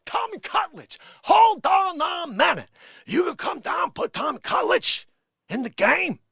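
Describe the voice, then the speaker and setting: A man voicing a loud, exasperated male football boss with a Bronx accent, shouting orders. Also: extremely high pitch, sing-song, a little slow, gravelly, no room sound, clean studio sound, voice pushed up, exaggerated voice. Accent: Bronx impression.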